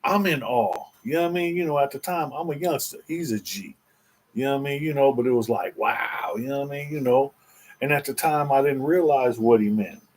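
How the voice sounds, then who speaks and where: A man's voice: mid-range voice, brisk, a little mellow. A man casually telling a story in slangy street talk, rambling with restarts and constantly checking in with the listener. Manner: slangy street talk, constantly saying "you know what I'm saying"; rambling with restarts and repeated words. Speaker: interview guest telling a story.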